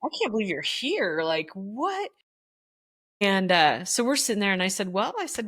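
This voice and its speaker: A woman's voice: medium pitch, moderate pace. A woman, a former teacher, telling a school story in casual chat and acting out the people she quotes. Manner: animated, acts out quoted voices, laughs while telling.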